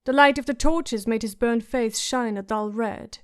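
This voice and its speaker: A woman narrating a fantasy audiobook in a measured, even storytelling manner. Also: fairly high pitch, smooth. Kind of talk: scripted narration.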